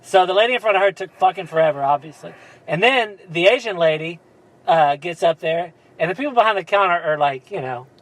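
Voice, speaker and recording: Dude rambling a story on a podcast, kinda high voice, lots of likes and uhs. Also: male voice, lively intonation, fairly quick, a bit bright, rough recording. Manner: rambling, laughs often, lots of fillers. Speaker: podcast co-host. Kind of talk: casual storytelling chat.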